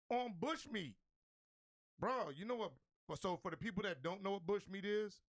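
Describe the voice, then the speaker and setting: A man who is a guest on a talk radio show, telling a funny story in an animated, joking way with plenty of street slang. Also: medium pitch, vocal fry, dry recording, clean studio sound. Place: radio studio.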